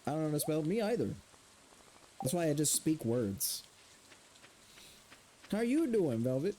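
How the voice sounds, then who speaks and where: Playful male gaming streamer, mellow voice. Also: a little high, lively intonation, moderate pace. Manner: playful, keeps imitating a grunting villager noise. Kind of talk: casual live-stream chat while gaming.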